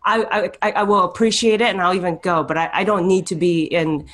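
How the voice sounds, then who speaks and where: A woman hosting a casual interview, easygoing and self-deprecating, often chiming in with quick agreements. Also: on the low side, a bit bright. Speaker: interviewer host.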